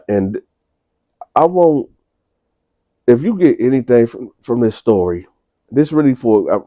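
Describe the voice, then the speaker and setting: A man's voice: on the low side, no room sound. A man telling a story in a casual, colloquial way, often stammering and repeating words, over a tinny phone-like recording. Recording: tinny phone-like dry sound.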